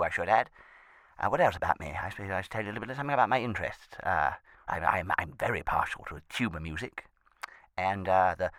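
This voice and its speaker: Comic character: a man doing a posh, fussy judge in his seventies, rambling and hesitant, lively bright voice, dry recording. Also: lowish voice, no room sound. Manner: rambling, fussy and hesitant, with many false starts. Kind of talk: comic phone message monologue.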